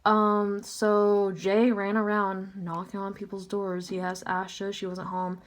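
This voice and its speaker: A woman's voice: mid-range voice, monotone, a little slow. A woman telling a personal story in a casual, chatty way, full of "like" and "um". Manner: chatty, filler-heavy, lots of "like" and "um". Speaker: vlogger.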